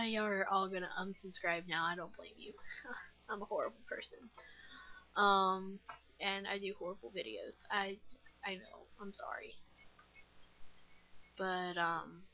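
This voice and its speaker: A woman's voice: medium pitch, lo-fi sound. Rambling self-deprecating young woman gamer. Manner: rambling, self-deprecating, lots of fillers and giggles. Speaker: gaming vlogger. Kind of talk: casual gameplay commentary.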